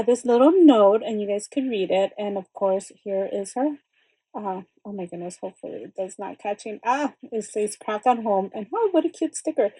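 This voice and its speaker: Chatty woman with a dark, dry voice. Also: on the high side, husky, no echo, low-quality recording. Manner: chatty, rambling, many fillers and exclamations. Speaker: craft channel host. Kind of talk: casual unboxing chat.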